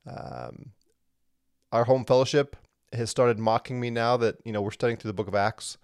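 A man teaching a livestreamed Bible lesson in a conversational, animated way, with frequent fillers and emphatic stresses. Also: mid-range voice, brisk, clean tone, no room sound.

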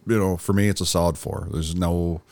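A man's voice: low voice, a little fast, vocal fry. A man co-hosting a casual coffee chat, joking around and acting out little voices. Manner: joking, acts out voices, animated. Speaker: podcast co-host reviewing coffee.

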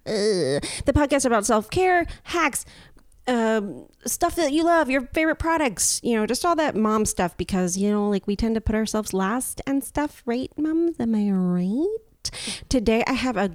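A woman's voice: a little high, sing-song, normal speed, no room sound. Woman in her thirties, casual podcast host, talkative and upbeat, dry studio sound. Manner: chatty, filler-heavy, upbeat.

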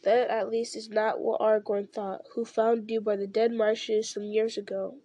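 A woman's voice: mid-range voice, flat delivery, normal speed, mellow, dry recording, natural voice. A woman reading aloud and voicing a stern, earnest young man who speaks formally.

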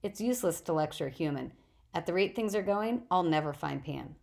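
A woman with a gravelly voice reading the lines of an earnest young male satyr in a storybook, wistful and at times indignant. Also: fairly low pitch, animated, a little fast, darkish tone. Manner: pleading, wistful, indignant at humans.

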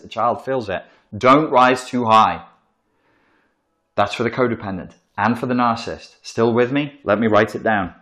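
A man giving an informal psychology lecture, blunt and profane, in a room where he writes on a board. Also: lowish voice. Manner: blunt and profane, acts out quoted voices.

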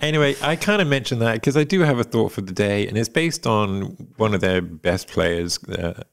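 A man's voice: sits low, gravelly. A man co-hosting a podcast, chatting casually with rambling asides and lots of fillers. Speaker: podcast co-host. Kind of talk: casual chat.

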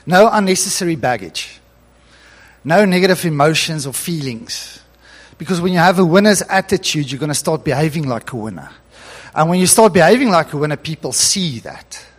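High-voiced man preaching in a hall. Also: moderate pace, husky. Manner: animated, chuckling, reads scripture aloud. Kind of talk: sermon. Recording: long hall reverb.

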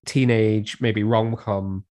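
Low-voiced man describing comic panels. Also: slow. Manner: relaxed and enthusiastic, describes panels in detail. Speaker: guest. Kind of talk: casual comics review chat.

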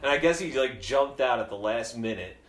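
A young man telling a long, animated story casually, laughing and swearing along the way. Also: medium pitch, fairly quick. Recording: roomy echo.

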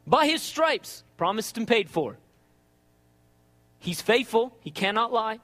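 Animated high-voiced man preaching in a hall. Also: slow pace. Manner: animated, conversational, asks "right?" often. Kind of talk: sermon.

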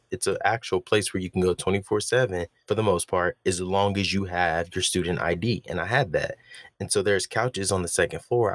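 A man's voice: low-pitched, no room sound, studio quality. A young man, a spoken-word poet, breaking down his own poem and telling a personal story, acting out the voices he quotes. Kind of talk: reflective commentary with personal storytelling.

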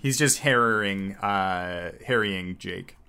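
A man narrating a tabletop role-playing game as game master, with a relaxed manner and frequent fillers. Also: lowish voice, slow, clear, resonant tone.

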